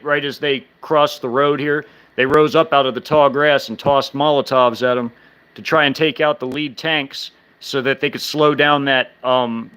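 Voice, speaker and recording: Halting, rambling man chatting on stream. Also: mid-range voice, fairly bright tone, clear, resonant tone. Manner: halting, many restarts and fillers, speech slurs when fast. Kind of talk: casual live-stream chat.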